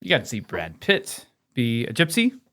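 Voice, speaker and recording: Male co-host, mid-pitch voice, eager, talks in stories. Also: wildly swooping pitch, normal speed, a bit bright. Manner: eager, chatty, storytelling. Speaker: podcast co-host. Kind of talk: casual movie-review chat.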